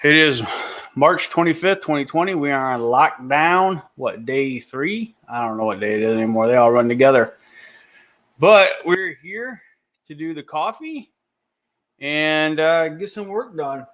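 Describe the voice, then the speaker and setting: A man's voice: a little high, lively intonation, measured pace, a bit bright. A middle-aged man from Michigan hosting a casual morning live chat, laid-back and rambling, often restarting his sentences. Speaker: livestream host. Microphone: headphones and computer mic.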